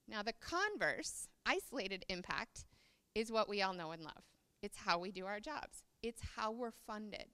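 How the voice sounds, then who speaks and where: A woman's voice: fairly high pitch, animated, normal speed, fairly bright tone, smooth. Woman presenting in a reverberant hall. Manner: explanatory, reads aloud from notes. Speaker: conference presenter. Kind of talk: conference presentation.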